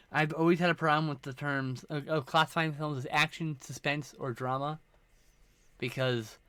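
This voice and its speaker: Man, streamer, sleepy rambling chat with casual swearing; smooth, resonant tone. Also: on the high side, a bit bright, no room sound. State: sleepy, yawning.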